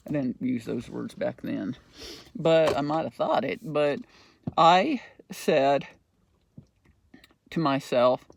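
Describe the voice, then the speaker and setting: A man's voice: fairly high pitch, vocal fry, no room sound. A middle-aged man hosting a podcast, telling a rambling story in a casual, profane monologue. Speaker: podcast host.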